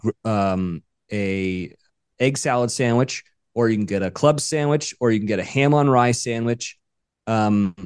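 A man's voice: on the low side, a little slow, smooth, no room sound, studio quality. A man co-hosting a podcast, chatting casually in an upbeat, joking way. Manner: upbeat, joking, enthusiastic storyteller. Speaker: podcast co-host. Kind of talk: casual chat.

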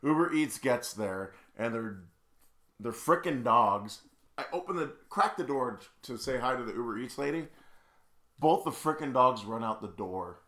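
A man's voice: medium pitch, a little slow, echoey room. A man co-hosting a podcast, telling casual stories animatedly and laughing along. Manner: animated, laughs through his own stories. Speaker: podcast co-host. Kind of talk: casual chat, storytelling.

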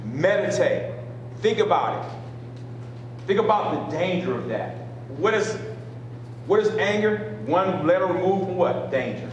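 A man's voice: high-pitched, animated, a little slow, long pauses, heavy reverb, a little hiss or hum, rough recording. A man preaching as a pastor, repeating phrases and drawing responses from listeners. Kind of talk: sermon teaching.

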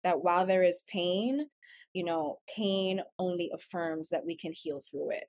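A woman in her thirties co-hosts a podcast in a casual chat, speaking at a measured pace in a lowish, slightly mellow voice. She talks in a heartfelt, emotional way, rambling and using many fillers.

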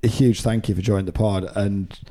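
Man, podcast host, chatty, joking, warm lowish voice. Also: steady tone, brisk. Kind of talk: casual chat.

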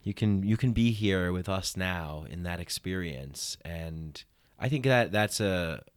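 Low-voiced man hosting a podcast. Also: lively intonation, a little slow, no echo, studio quality. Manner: warm, reflective, earnest. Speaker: podcast host. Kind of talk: casual heartfelt conversation.

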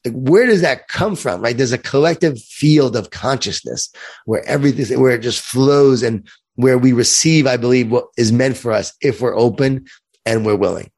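A man's voice: medium pitch, normal speed, a little mellow. Earnest upbeat man with a light New York accent. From Long Island, New York. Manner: earnest and upbeat, repeats words while thinking. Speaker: guest. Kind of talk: interview conversation.

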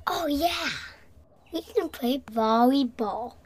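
Kid boy for a storybook woman voicing, stubborn and excitable, unhurried. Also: high voice, a little hiss or hum. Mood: playful. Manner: excited, protesting. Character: young boy Jake, playful and stubborn.

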